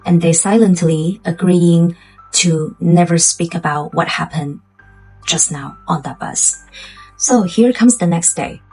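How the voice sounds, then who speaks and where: A woman's voice: fairly low pitch, unhurried, mellow, slightly rough, soft background music, low-quality recording. A woman telling a spooky tale to her viewers in a chatty, casual way, full of fillers. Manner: chatty, loose phrasing with many fillers. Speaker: storyteller.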